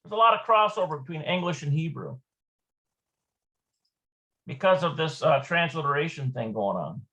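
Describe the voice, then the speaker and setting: A man's voice: on the high side, lively intonation, moderate pace, sharp tone. A man teaching an informal Hebrew lesson, thinking aloud as he explains each point. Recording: dull lo-fi recording.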